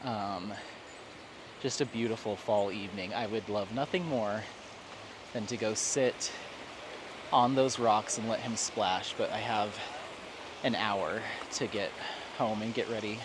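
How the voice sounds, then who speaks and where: He talks in a lowish, unhurried voice with fairly even intonation, pausing often as he rambles and laughs. The man, a craft vlogger from Colorado, is casually chatting on an evening walk with his dog near water. Traffic and town ambience come through as clear outdoor street noise.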